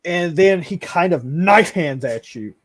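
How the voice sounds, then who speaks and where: A man's voice: a little high, lively intonation, measured pace, noisy background. A man running a live tabletop game as game master, talking casually with frequent restarts and the odd swear.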